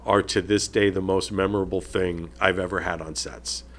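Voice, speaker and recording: A man hosting a podcast, chiming in with slow, measured reflections in a casual chat. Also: deep voice, fairly even intonation. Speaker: podcast host.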